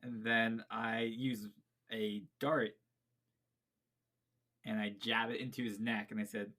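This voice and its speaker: Joking young man, bright voice. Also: fairly low pitch, flat delivery, slow. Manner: joking, laughs through lines. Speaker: player. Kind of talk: casual tabletop play.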